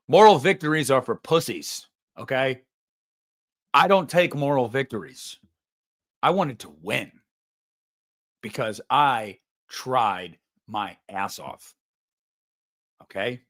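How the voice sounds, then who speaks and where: A man's voice: medium pitch, expressive, takes it slowly, pauses often, a bit bright. A man hosting a casual show, ranting jokingly about losing a contest in a mock-indignant, competitive way. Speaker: podcast host. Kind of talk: casual chat.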